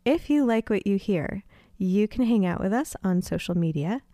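A woman's voice: medium pitch, animated, moderate pace, dark tone, no room sound, studio quality. A woman host reading a scripted podcast intro in an upbeat, friendly way.

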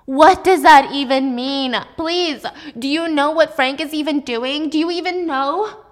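A woman's voice: sits high, unhurried, voice pushed up. A woman voicing a frightened young wife who pleads to be believed, distraught and insistent. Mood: distraught pleading.

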